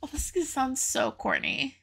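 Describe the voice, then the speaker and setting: A woman's voice: high-pitched, huge pitch swings, fairly quick, gravelly, pushed and bright. A young woman hosting a casual music reaction video, chatty and openly emotional, often laughing as she talks.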